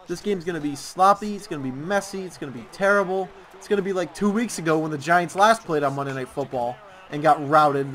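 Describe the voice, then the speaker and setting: A man's voice: fairly high pitch, fairly bright tone. A young man giving football picks over gameplay in a sarcastic, ranting way, drawing out words for emphasis. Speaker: YouTuber making predictions. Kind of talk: casual commentary over gameplay.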